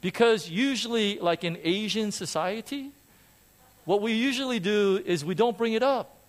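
A man preaching a sermon in a church to a congregation, animated and self-deprecating, joking and repeating phrases for emphasis. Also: sits high, moderate pace. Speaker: pastor.

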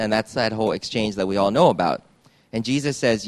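Man, pastor, casual sermon, rambling, restarts, mid-pitched. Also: animated, moderate pace. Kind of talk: conversational sermon.

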